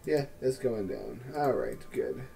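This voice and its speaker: A man talks through his city-building game in a relaxed, unhurried drawl. His voice is mellow and warm, with dry, sarcastic asides. Faint music plays behind him. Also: on the low side, gravelly. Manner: wry, sarcastic, musing. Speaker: let's play host. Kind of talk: casual game commentary.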